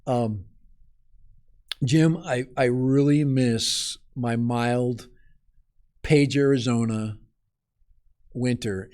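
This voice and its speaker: A man from Minnesota hosting a live stream outdoors in the cold, chatting casually and rambling as he talks straight to his viewers. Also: medium pitch.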